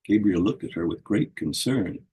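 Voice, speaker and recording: A man's voice: sits low, animated, moderate pace, warm tone, a little hiss or hum, rough recording. A man reading a whimsical fairy story aloud at a book launch, giving the characters their own voices.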